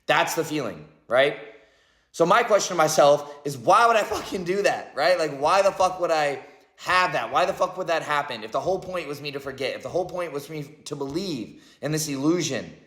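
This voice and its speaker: This man, a vlogger in his thirties, sounds expressive and brisk, with a fairly bright voice on the higher side. He muses on spiritual matters in a rambling, reflective way, often saying "like" and "right?" and swearing frequently. The room has an echo.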